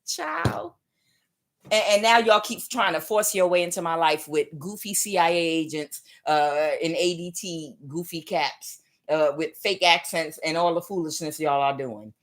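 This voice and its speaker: Woman doing a tarot reading, kinda low voice, repeats herself a lot, chuckles, talks right at the viewers. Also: normal speed, few pauses. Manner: emphatic, repetitive, chuckling asides; talks straight to an audience. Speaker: tarot reader. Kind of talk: casual spiritual tarot reading.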